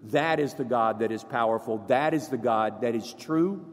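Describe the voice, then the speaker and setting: A man preaching a sermon as pastor, leading the congregation through verses in an animated way. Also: medium pitch, moderate pace, in a large hall.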